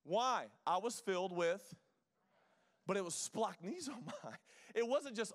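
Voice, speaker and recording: A man preaching a passionate sermon as pastor, calling out to his congregation and building to loud peaks. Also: sits high, a little fast. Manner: impassioned, rising to loud peaks, call-and-response with congregation.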